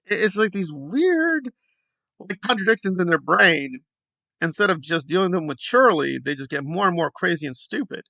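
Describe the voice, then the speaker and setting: A man's voice: a little high, animated, fairly quick, creaky, pushed and bright, dry recording. A man hosting a commentary video, ranting in a sarcastic, exasperated way. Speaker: commentary channel host.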